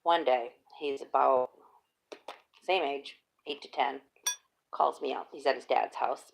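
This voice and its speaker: A middle-aged woman hosting a casual chat, telling animated stories and laughing often. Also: very deep voice, a little slow, vocal fry, long pauses. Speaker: host.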